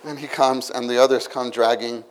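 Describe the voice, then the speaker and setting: A man preaching a sermon, retelling a story with lively acted-out exclamations and asides to the listeners. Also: mid-range voice, normal speed. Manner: animated storytelling, acts out scenes with exclamations.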